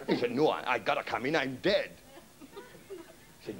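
A man's voice: mid-range voice, very animated, fairly quick, noisy background. A male comedian telling stage jokes in a dry storytelling manner. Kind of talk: stand-up joke telling.

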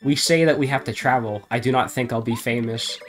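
A man on a live stream reading garbled game dialogue aloud in a deadpan comic voice, often breaking into laughter. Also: mid-range voice, a little fast, faint music behind.

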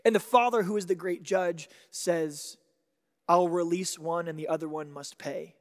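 A man's high, bright voice carries through a large church hall with a long, ringing reverb. He preaches with dramatic swings, dropping to near-whispers and then rising to loud, emphatic declarations. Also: normal speed. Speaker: pastor. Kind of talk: sermon.

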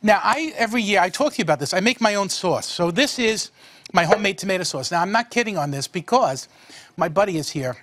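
A man's voice: sits high, lively intonation, quick pace, background noise. A man hosting a cooking show, chatting folksily while he cooks. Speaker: cooking show host, a monsignor.

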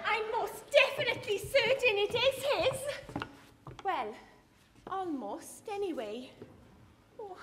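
A woman's voice: very high-pitched, expressive, takes it slowly, pauses often, echoey room, noisy background, heavily acted. A performer voicing a flippant young woman, pregnant and back home. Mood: breezy. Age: young adult. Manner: breezy, flippant. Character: cheeky pregnant daughter home from abroad.

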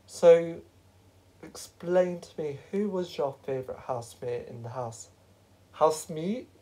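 A hoarse host of a fan-made reality show, chatty and rambling, correcting themself as they go. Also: medium pitch, measured pace, mellow, rough recording. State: hoarse, sore throat.

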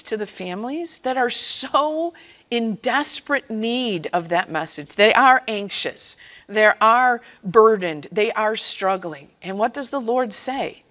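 Her voice sits fairly high and sounds a bit bright as she gives a personal faith-sharing talk at a catechist training session. The woman is earnest and conversational, acting out quotes along the way.

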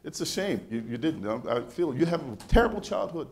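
A male pastor delivers a sermon in a slightly high voice. He tells stories in a loose, conversational way, often stopping and restarting his sentences. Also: brisk, slight background noise. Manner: animated, conversational storytelling with frequent restarts.

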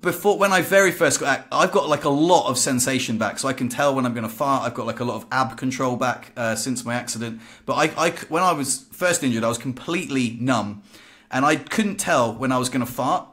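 A man hosting a casual podcast, a frank and lively storyteller who laughs at himself. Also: mid-range voice, a little fast. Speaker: podcast host.

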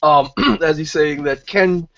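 Tabletop player, man, slightly raised pitch, unhurried, dull lo-fi audio from a distant mic. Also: a bit bright. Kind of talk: in-character tabletop play.

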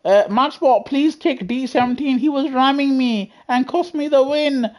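A man's voice: very high-pitched, expressive, unhurried, hardly any pauses. A young man, streaming live racing gameplay and teasing the players in his lobby, laughing often and full of slang. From England. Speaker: gaming streamer.

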